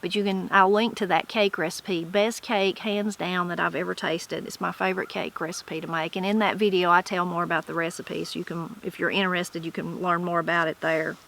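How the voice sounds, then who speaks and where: A woman's voice: fairly low pitch, fairly even intonation, a little fast, creaky, few pauses, fairly bright tone, rough recording. A middle-aged woman with a Southern Appalachian accent, chatting casually as host and reading aloud from old sources. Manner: chatty, folksy, self-correcting while reading aloud. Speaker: channel host. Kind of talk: casual talk and reading from a dictionary.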